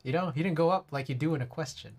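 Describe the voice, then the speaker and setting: Working on a keyboard build during his live stream, this man talks at a quick pace in a slightly high voice. His casual chat wanders, is peppered with "like", and breaks into frequent chuckles, with slight background noise.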